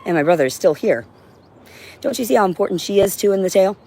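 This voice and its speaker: A woman's voice: medium pitch, lively intonation, fast talker, dark tone. A woman on a livestream in an agitated, profane, rambling monologue, now and then talking to her cat.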